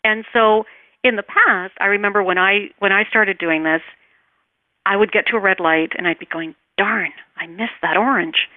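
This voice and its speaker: A woman teaching meditation in an interview, speaking calmly and soothingly, and her voice trails off softly as she guides the breathing. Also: medium pitch, moderate pace, no room sound. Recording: tinny phone line, dry.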